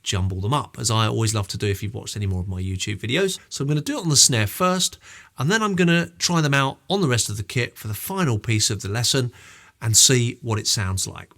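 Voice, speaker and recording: A man's voice: medium pitch, fast, creaky. A man explaining drum technique in a friendly online lesson. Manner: friendly, explanatory, lively delivery. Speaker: drum teacher.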